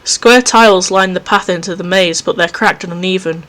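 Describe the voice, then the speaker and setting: Male let's play host, reads horror game narration aloud, easily spooked, quick self-mocking asides. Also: high voice, pushed and bright. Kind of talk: reading a visual novel aloud with commentary. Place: home recording setup.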